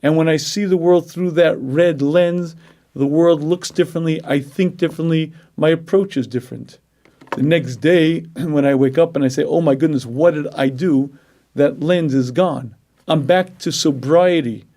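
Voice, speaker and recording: A man giving a Jewish ethics lecture, clearing his throat often and driving points home with rhetorical questions. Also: a little high, normal speed, dark tone. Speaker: Torah lecturer. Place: lecture room.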